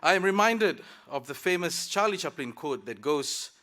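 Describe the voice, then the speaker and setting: Bright-voiced man giving a graduation speech. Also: on the high side, expressive, normal speed. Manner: reflective, lightly humorous address. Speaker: graduating student speaker. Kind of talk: convocation speech. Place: ceremony hall.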